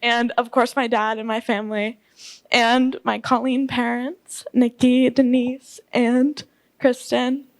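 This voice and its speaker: A woman's voice: a little high, flat delivery, slow, no room sound. A young woman giving a sentimental, giggly thank-you speech at a ball. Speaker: pageant title holder giving an acceptance speech. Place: ballroom event.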